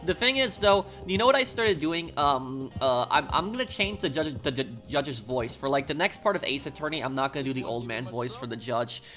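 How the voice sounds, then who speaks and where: A rambling American streamer talks with his chat in a bright, clear tone. His pitch sits in the middle, and faint music plays softly behind him. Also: animated. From United States. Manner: rambling, halting, reads chat aloud. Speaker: game streamer. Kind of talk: casual live-stream chat.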